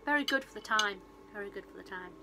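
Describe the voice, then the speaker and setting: A woman of medium pitch chats fast on her vlog, rambling through a film plot with many fillers and restarts. She reviews films, and her phone recording has a noisy background.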